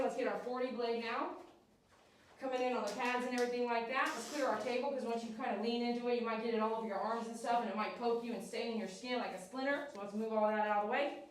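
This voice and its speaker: A woman's voice: on the high side, a bit bright. A woman dog groomer on a livestream, coaxing and soothing the dog while chatting with viewers. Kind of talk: live-streamed grooming chat. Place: grooming salon, indoors. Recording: echoey room, mic at a distance. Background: clipper hum.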